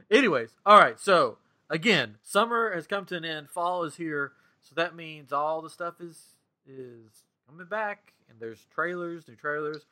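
A man's voice: fairly high pitch, a little slow. A man in his thirties hosting a casual podcast, telling stories with lots of laughter. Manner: animated, laughing storyteller. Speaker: podcast host.

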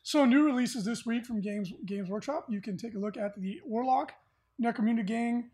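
A man's voice: extremely high pitch, moderate pace, darkish tone, slightly rough. A man hosting a podcast, talking casually and easily about tabletop gaming news with a lot of filler words. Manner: chatty, easygoing, with frequent filler words. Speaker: podcast host.

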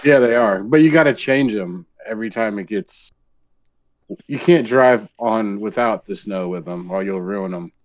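A man's voice: fairly low pitch, normal speed, no room sound, lo-fi sound. An easygoing man in casual chat, chiming in with short agreements and practical tips.

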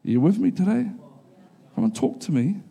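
Mellow-voiced man preaching conversationally. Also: brisk, vocal fry, husky. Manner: conversational, checks in with the congregation; acts out quotes in a higher animated voice. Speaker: pastor. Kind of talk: sermon.

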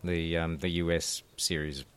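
A man chatting as a guest author at a live podcast in a bookshop, telling stories in a relaxed way with hesitant fillers. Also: low voice, measured pace, slight background noise. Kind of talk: casual chat.

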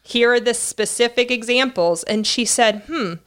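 A middle-aged woman co-hosting a podcast, telling a family story at a measured, reflective pace. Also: fairly high pitch, a bit bright, smooth. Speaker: podcast co-host. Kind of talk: casual storytelling with her husband.

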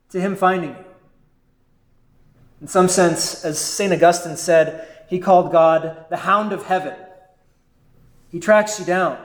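A man preaching a sermon as a pastor, in a measured way with deliberate pauses. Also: high voice.

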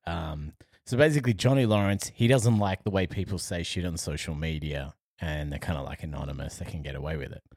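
A wry, teasing Australian co-host with a very deep voice chats casually on a podcast. The recording is dry and close to the mic. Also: male voice, a little fast, a little mellow, slightly rough, no echo. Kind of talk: casual chat.

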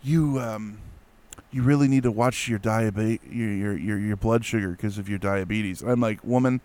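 A man casually telling a spooky personal story, animated and full of fillers and restarts. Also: on the low side, normal speed, clean tone. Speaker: guest telling a ghost story.

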